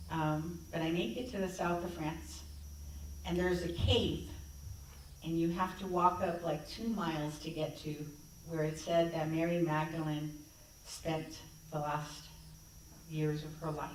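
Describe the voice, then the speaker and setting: A woman's voice: low-pitched, a little mellow, slight background noise. A woman guest speaker in a church, telling a personal story in a conversational way and acting out bits of dialogue. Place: church sanctuary. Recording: echoey hall, distant mic.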